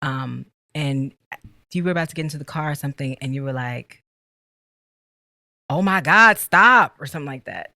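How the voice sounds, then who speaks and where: A woman's voice: extremely low pitch, fast, creaky, no room sound. A young woman co-hosting a casual chat, telling stories and teasing her partner. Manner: teasing, animated storytelling. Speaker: co-host.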